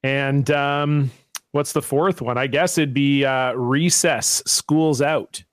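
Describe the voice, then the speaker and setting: A man's voice: mid-range voice, fairly even intonation, slow pace, no echo. A man co-hosting a podcast, talking in a joking, rambling way and swearing casually. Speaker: podcast co-host. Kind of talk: casual chat.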